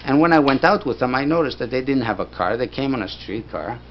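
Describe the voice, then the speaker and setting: A man's voice: mid-range voice, expressive, fast. Older man telling a story, lo-fi. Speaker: filmmaker recounting his career. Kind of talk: casual anecdotal storytelling. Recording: dull lo-fi recording with faint background noise.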